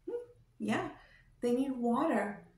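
Woman, toddler teacher, sing-song coaxing questions, slow, echoey room. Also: fairly high pitch, animated, a little mellow, far from the mic. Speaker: children's educator. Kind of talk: toddler lesson with sign language. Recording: roomy echo.

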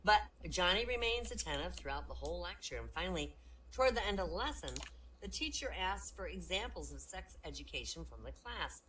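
A woman telling stand-up jokes in an online voice chat room, an animated storyteller who switches voices for each character. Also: on the low side, a little fast, slight background noise, rough recording.

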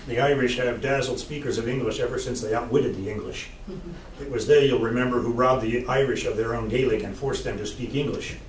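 A man's voice: medium pitch, slight background noise. Man lecturing, college professor, dry wry delivery, echoey lecture hall, distant mic. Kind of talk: humorous public lecture.

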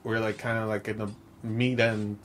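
A man's voice: lowish voice, level tone, moderate pace, a bit bright, a little hiss or hum. A man co-hosting a podcast, retelling film scenes in loose, casual chat and swearing freely. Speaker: podcast co-host.

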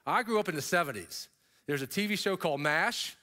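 Animated man telling a survival story on stage. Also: a little fast. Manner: animated storyteller, pitch jumping up for emphasis; casual asides to the audience. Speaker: keynote speaker. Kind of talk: motivational keynote storytelling. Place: stage before an audience.

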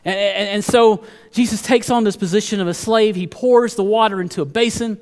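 A man's voice: high-pitched, fairly even intonation, brisk, a little mellow, clean tone, big-room sound. A man preaching a sermon as pastor, earnest, often repeating words as he builds a point. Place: church sanctuary.

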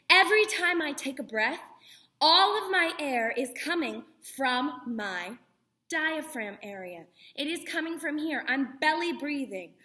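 Young female drama teacher, upbeat and encouraging, high bright voice for a kids' voice lesson. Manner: encouraging, demonstrates vocal exercises. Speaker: acting teacher. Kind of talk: voice lesson for kids.

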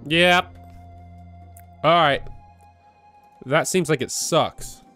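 A man giving live commentary as he plays a horror game. He is jumpy and nervous, repeats words in quick bursts and begs the game's enemies to go away. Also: on the high side, bright, forceful tone, soft background music. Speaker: gaming video creator. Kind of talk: live let's-play commentary.

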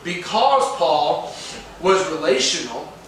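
A man's voice: a little high, very animated, takes it slowly, fairly bright tone, a little hiss or hum. A male pastor preaching a sermon with emphatic delivery, often asking the congregation questions. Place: church sanctuary. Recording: echoey church hall from far off.

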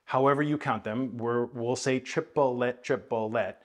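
A man teaching jazz bass in a video lesson, explaining thoughtfully with many hedges and counting and scatting rhythms aloud. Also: fairly even intonation, unhurried. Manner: thoughtful, hedging explanations with frequent "I think".

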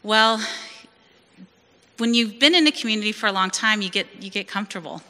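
A woman in her forties from California tells her personal testimony at a church service. She speaks in a lively storytelling way and acts out the people she quotes. Her voice is very bright and sharp, and it rings with a long reverb from the church hall around her. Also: mid-range voice, a little fast. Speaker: church member giving testimony.

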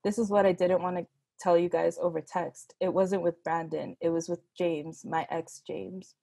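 A woman's voice: on the low side, fairly even intonation, normal speed, vocal fry, mellow, breathy edge, no echo. A woman reading aloud, voicing an anxious young woman in trouble with the police.

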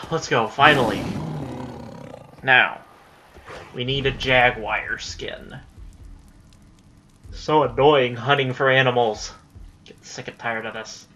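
A young man giving casual let's-play commentary, chatty and easily frustrated, breaking into excited yelling during chases. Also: mid-range voice, slight background noise. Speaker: gameplay commentator.

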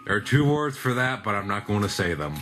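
Over game music, a young let's play gamer riffs sarcastically and profanely while playing a video game with his sister, keeping it casual and jokey. His voice is lowish and a bit bright, swinging widely in pitch, and he talks a little fast.

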